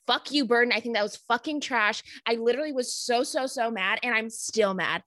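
Bright-voiced woman co-host, fiercely ranting. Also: a little high, a little fast, no room sound, clean studio sound. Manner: heated, profane ranting. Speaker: podcast co-host. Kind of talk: casual chat.

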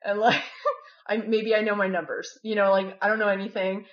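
A former volunteer who lived with a host family tells a personal story in a casual, rambling way, peppering it with "like" and "you know." Her voice is medium-pitched and level, at a normal speed, captured in a dull, echoey room.

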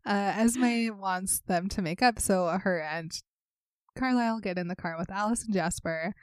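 A woman's voice: medium pitch, normal speed, no echo, studio quality. A woman co-hosting a casual book chat, reading passages aloud and breaking into joking asides. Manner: reads aloud then riffs with laughing asides. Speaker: podcast co-host reading a novel aloud.

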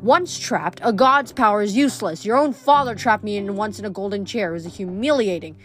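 A woman's voice: medium pitch, a little fast, natural voice. Haughty, clipped goddess queen, read by a woman for an audiobook; faint music behind. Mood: scolding. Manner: clipped, commanding.

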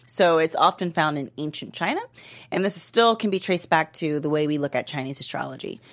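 A woman's voice: sits low, brisk. A woman co-hosting an aftershow, chatting casually and explaining at length with plenty of fillers. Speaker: aftershow co-host. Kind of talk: casual chat.

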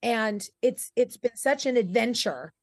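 A woman's voice: fairly high pitch, lively intonation, a little slow, no room sound, studio quality. A woman co-hosting a podcast, talking in a rambling, candid way and acting out the voices in her head. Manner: rambling, acts out her inner voice. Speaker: podcast co-host. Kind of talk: casual conversation.

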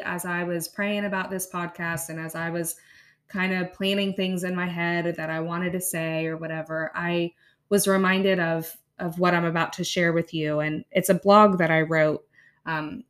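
A woman, a podcast host in her thirties, chatting casually with soft laughs and reading her own blog aloud. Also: on the low side.

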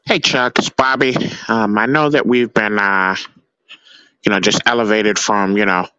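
A man playing an awkward, overly attached friend who leaves a halting voicemail full of ums and uhs, in a comedy sketch. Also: lowish voice, steady tone, sharp tone, smooth, no echo, dull audio.

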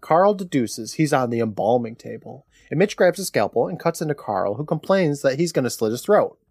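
With a husky, medium-pitched voice and a fairly quick delivery, a podcast co-host jokingly recounts a horror episode, animated and laughing throughout. The studio-quality sound has no echo.

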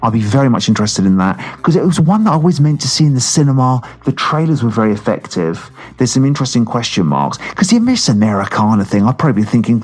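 A man's voice: mid-range voice, very animated, quick pace, a little mellow. A man reviewing films in casual podcast chat, talking in a rambling, self-mocking way. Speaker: film reviewer.

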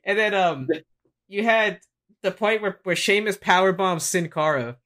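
A man hosting a wrestling podcast in casual chat, animated and laughing often as he acts out quotes. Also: high voice, a little slow. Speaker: podcast host.

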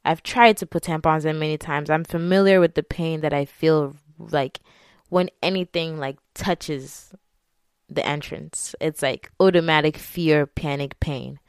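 A woman's voice: sits low, a little slow, clean tone, dry recording, studio quality. A young woman telling a personal story to her viewers in a candid, chatty way, with frequent laughs and filler words. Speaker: vlogger. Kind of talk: casual confessional storytelling to camera.

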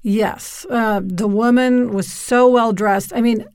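A woman's voice: on the high side, fairly even intonation, takes it slowly, a little mellow, clean tone, dry recording. A woman co-hosting a podcast, telling stories in a chatty way with frequent ums and likes. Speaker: podcast co-host. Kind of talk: casual podcast chat.

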